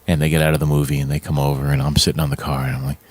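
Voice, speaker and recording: A man's voice: extremely low pitch, racing, dry recording. A man hosting a casual podcast, telling a story with lots of laughter and acted-out quotes. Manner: animated storyteller, acts out quotes, laughs often. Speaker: podcast host.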